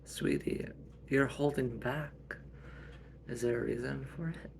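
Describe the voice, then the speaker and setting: Brief: a devoted, soothing mom, read by a man, unhurried delivery. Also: medium pitch, steady tone, creaky, a little hiss or hum. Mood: tender. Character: gentle, devoted mother with supernatural powers.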